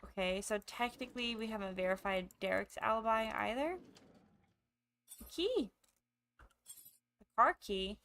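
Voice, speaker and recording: A woman with the hiccups giving excitable let's play commentary, thinking aloud as she plays. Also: fairly high pitch, a little slow, long pauses, slight background noise. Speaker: gamer.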